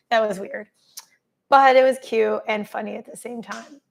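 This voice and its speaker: A woman's voice: on the high side, fairly even intonation, a little slow, creaky. A woman hosting a casual live stream, effusively reading and thanking viewers' comments by name. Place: travelling, streaming from a holiday spot.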